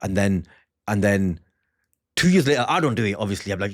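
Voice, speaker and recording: A man's voice: lowish voice, a little fast, long pauses. A man from England, a comedian co-hosting a podcast and telling stories with voices. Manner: animated storytelling, acts out voices. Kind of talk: comic banter. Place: family home.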